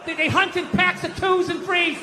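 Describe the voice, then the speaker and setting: A man doing stand-up comedy on stage, ranting and exasperated, shouting his punchlines. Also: extremely high pitch, fairly even intonation, normal speed, long reverb tail, crowd noise, background noise. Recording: live stage audio with audience.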